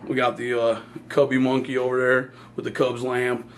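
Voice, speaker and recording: A man's voice: medium pitch, monotone, normal speed, a little hiss or hum. A goofy, playful middle-aged man chatting casually in a home vlog, sometimes talking with his mouth full, from his computer room at home. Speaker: vlogger.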